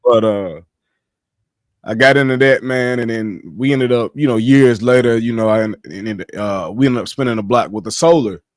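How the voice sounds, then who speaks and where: A man on a casual livestream, telling his life story in animated slang, swearing freely. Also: mid-range voice, normal speed, dry recording, studio quality.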